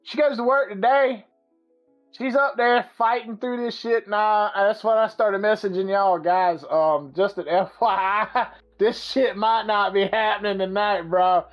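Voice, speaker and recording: A man hosting a podcast, telling a story in a casual, profane and animated way. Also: high voice, a little slow. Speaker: podcast host. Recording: slightly muffled with faint music.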